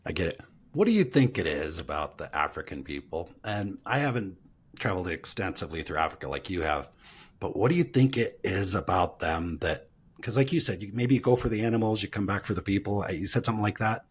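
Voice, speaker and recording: American male host, very low and husky, curious interviewer who circles around his questions. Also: animated, a little fast. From United States. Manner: curious, rambling questions with restarts. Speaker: podcast host.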